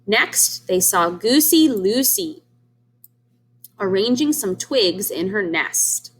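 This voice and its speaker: A woman reads a children's storybook aloud, pausing to explain words and ask the children what they think. Her voice moves up and down in a very lively, expressive way. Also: mid-range voice, a little hiss or hum. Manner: warm, explains words to children, asks them questions. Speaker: teacher reading aloud. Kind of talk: children's read-aloud lesson.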